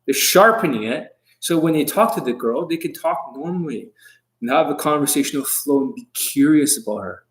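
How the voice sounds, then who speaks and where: A man's voice: on the high side, expressive, normal speed, rough recording. A man coaching on dating in a livestream monologue, brash and combative, swearing often and boasting about himself in the third person.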